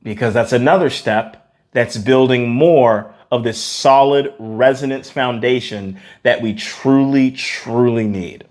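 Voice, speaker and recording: A man teaching a vocal warm-up lesson, explaining exercises energetically and often checking in with "okay?". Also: mid-range voice, slow pace. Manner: energetic, demonstrates vocal sounds between explanations. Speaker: vocal coach.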